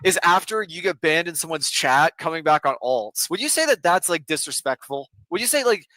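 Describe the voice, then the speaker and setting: A man's voice: fairly high pitch, expressive, a little fast, bright, forceful tone, dry recording. A man in a played clip, accusing and sneering during an argument.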